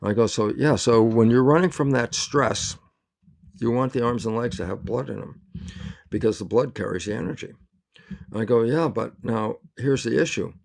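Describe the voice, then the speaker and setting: A male scientist as an interview guest, explaining in lively storytelling and acting out both sides of remembered conversations, laughing often. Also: medium pitch, moderate pace, vocal fry. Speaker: interview guest, cell biologist.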